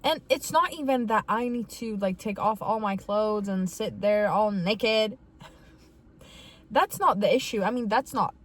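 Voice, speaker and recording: A woman's voice: mid-range voice, moderate pace, hardly any pauses. A young woman vlogging casually, telling a story in a rambling, giggly and emotional way with many fillers.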